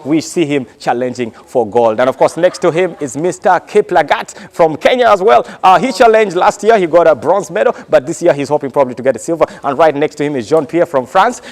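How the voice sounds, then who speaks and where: A man voicing a male TV race commentator in hushed, quick broadcaster patter. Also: on the high side, pitched below the performer's own voice, lightly acted. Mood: informative. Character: male sports TV commentator, smooth and informative.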